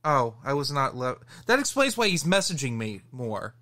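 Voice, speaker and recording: A man co-hosting a casual podcast, telling an animated story and laughing as he goes. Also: medium pitch, normal speed. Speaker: podcast co-host.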